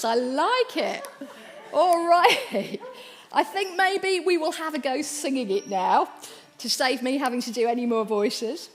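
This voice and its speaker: A woman's voice: sits high, lively intonation, unhurried. A woman giving an all-age church talk, playful and encouraging as she speaks directly to the children. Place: church hall.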